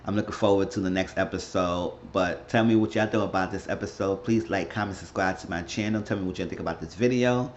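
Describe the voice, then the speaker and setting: A man with a very low voice rambles through a casual recap of a reality show, slipping into quoted voices as he retells scenes. The recording is dull and lo-fi, with a faint hiss of noise behind him. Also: quick pace, few pauses. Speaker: YouTube recap host.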